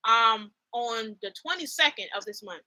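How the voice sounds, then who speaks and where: A young woman streaming a casual fan chat, excitable and rambling, gushing with lots of fillers. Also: a little high, moderate pace, rough recording. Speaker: streamer chatting with viewers.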